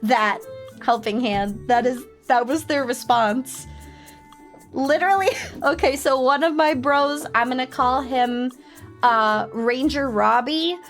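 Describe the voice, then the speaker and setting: High-voiced woman telling a story unhurriedly. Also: takes it slowly, faint music behind. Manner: animated, laughing, acts out friends' voices. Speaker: streamer and military veteran. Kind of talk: casual storytelling on a live stream.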